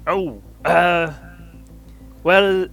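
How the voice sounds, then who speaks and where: A man voicing a gruff fish-man lighthouse keeper with a put-on pirate growl, in a tabletop game. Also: high-pitched, steady tone, drawn-out words, a bit bright, soft background music, heavily acted. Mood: ominous.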